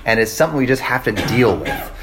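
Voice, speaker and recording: Over a noisy background, a male pastor delivers his sermon quickly in a sing-song, medium-pitched voice. His style is conversational: he mimics the people he quotes and often asks the congregation "right?" or "okay?"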